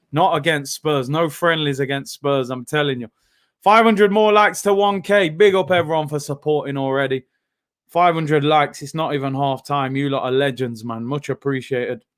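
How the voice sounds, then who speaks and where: A young man hosting a live football watchalong, reacting loudly to the play and then talking himself back down. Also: fairly high pitch. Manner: excitable, shouts at big moments, then calms himself down. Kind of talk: live match watchalong commentary.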